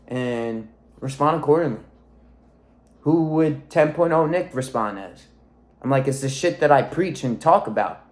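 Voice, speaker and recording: A man's voice: medium pitch, lively intonation, unhurried. A young man in his twenties talking to camera in a rambling, reflective monologue, swearing freely as a weight-loss coach.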